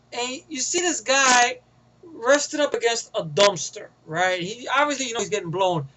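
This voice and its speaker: A young man with a fairly high voice talks through a movie he loves in a loose, rambling way. He stumbles, repeats himself and slips into the characters' lines as he retells scenes. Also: moderate pace, pushed and bright, low-quality recording. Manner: rambling, laughs often, restarts and repeats words. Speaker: movie reviewer. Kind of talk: casual spoken movie review.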